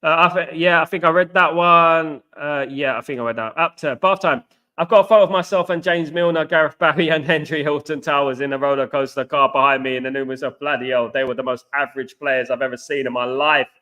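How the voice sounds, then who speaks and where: A man's voice: on the high side, fairly even intonation, quick pace, bright, forceful tone, lo-fi sound. A middle-aged British man hosting a football channel, chatting casually and rambling to his viewers. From Britain. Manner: rambling, repetitive, addresses viewers as guys. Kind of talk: casual live-stream chat.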